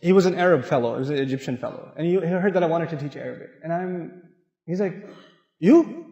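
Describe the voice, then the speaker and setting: In an echoey mosque hall, a man from Pakistan delivers a sermon built on stories, full of humor and animated impressions of the people he quotes. His voice is a little high and his pace quick, with the highs cut off in the recording.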